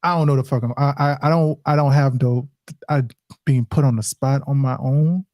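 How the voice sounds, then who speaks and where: A man's voice: mid-range voice, fairly even intonation, moderate pace, a little mellow, no room sound, studio quality. A man with a Southern US accent hosting a podcast, talking in loose, slangy, hesitant banter. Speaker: podcast host.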